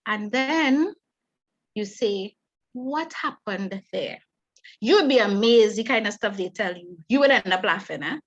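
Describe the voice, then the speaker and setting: Fast-talking Trinidadian woman leading a webinar. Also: medium pitch. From Trinidad and Tobago. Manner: lively, fast-talking and conversational. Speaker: webinar facilitator. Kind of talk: parenting talk in a webinar. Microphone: video call. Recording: dull lo-fi webinar audio.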